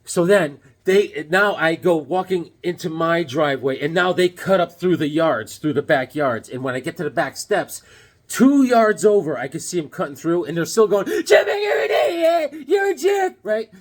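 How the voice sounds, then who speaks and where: A middle-aged man chatting casually about his comic books, an animated storyteller who acts out voices as he goes. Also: fairly high pitch, normal speed. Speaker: comic book vlogger. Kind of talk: casual show-and-tell chat.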